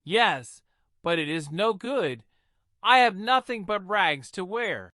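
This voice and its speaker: A man's voice: very high-pitched, sing-song, takes it slowly, sharp tone, dry recording, studio quality, voice pushed up, full character voice. A man voicing tearful young Cinderella. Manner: tearful, plaintive. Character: poor sobbing young girl Cinderella. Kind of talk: storybook reading.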